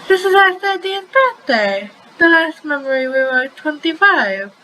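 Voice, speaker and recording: A cheerful, teasing young man with a chirpy, eager delivery, as a woman reading a story puts him on. The voice sits high and bright and moves slowly. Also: big pitch swings, a little hiss or hum, heavily acted, poor audio.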